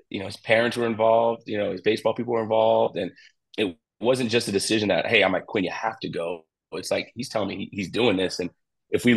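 A middle-aged man, a college pitching coach, talking casually in an interview and rambling with lots of fillers and restarts. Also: vocal fry, slightly rough, low-quality recording.

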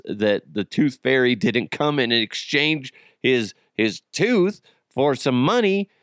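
A man hosting a podcast, telling a family story in a casual, animated way and swearing freely. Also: a little high, no room sound, studio quality. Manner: animated, swears freely, acts out quoted voices. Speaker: podcast host.

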